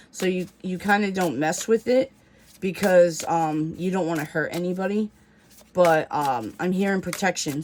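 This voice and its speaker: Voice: medium pitch, slight background noise. A tarot reader talking casually in a video, telling a rambling story full of fillers and restarts, with slang and the odd swear word.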